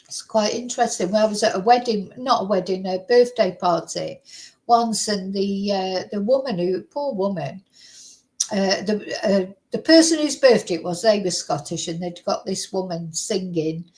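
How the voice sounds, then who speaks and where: A woman's voice: medium pitch, normal speed, a little mellow, rough recording. A middle-aged woman from Manchester with a Mancunian accent, chatting casually in a rambling way, full of fillers and small laughs. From Manchester, England. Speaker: vlogger. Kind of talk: casual chat.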